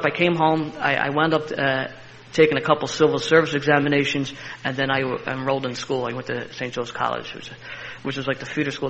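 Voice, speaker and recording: Telling a quick personal yarn as an interview guest, this older Philly man laughs and stays animated, with a tough street edge to his delivery. He speaks at a medium pitch, and the recording sounds slightly muffled.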